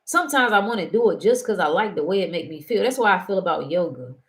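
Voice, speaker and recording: A woman hosting a casual talk show, animated and prone to laughing and wandering into stories. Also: medium pitch, fast talker. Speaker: host. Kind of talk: casual chat.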